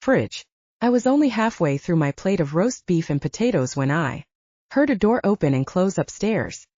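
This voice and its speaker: A woman narrates an audiobook in a low, mellow voice whose pitch moves a great deal as she tells the story. The sound is dry and close, with a slightly dull, lo-fi quality. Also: big pitch swings, normal speed, no echo. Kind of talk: first-person audiobook narration.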